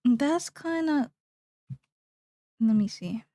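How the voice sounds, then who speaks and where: A woman's voice: fairly high pitch, expressive, drawn-out words, warm tone, no room sound, studio quality. A young woman streamer chatting casually while she draws, rambling playfully and thinking aloud.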